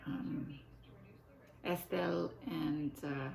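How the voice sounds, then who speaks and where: Rambling older woman with gravelly voice. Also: deep voice, steady tone, extremely slow, darkish tone. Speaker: vlogger. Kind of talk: casual rambling chat. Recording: echoey room.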